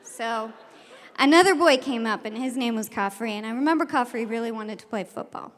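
A woman, a teacher, telling a personal story to an audience, acting out voices and shouting the quoted lines. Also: on the high side, fairly quick, big-room sound.

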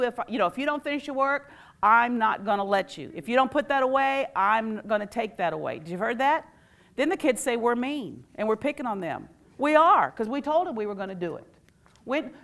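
Woman, middle-aged, workshop speaker, animated, playful, quizzes the crowd. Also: medium pitch. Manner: animated and playful, asks the audience questions. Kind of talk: lively workshop talk to a live audience.

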